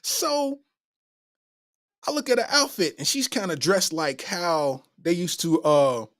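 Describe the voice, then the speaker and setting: Animated man telling a story. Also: sits high, takes it slowly, no echo, clean studio sound. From Kentucky. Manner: animated, acts out his own reactions. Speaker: comedian host. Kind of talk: casual storytelling.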